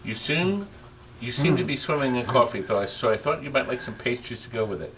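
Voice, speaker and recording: A man's voice: mid-range voice, lively intonation, fairly quick, noisy background. Chatty man showing off arcade games. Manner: chatty, enthusiastic, reads aloud and jokes. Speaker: co-host of an arcade restoration show. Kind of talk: casual on-camera show and tell. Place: amusement game shop or warehouse.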